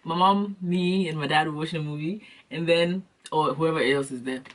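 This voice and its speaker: A young adult woman vlogging, telling comic stories in an animated, slangy way and acting out scenes. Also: deep voice, normal speed. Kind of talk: comic storytelling vlog. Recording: distant from the mic.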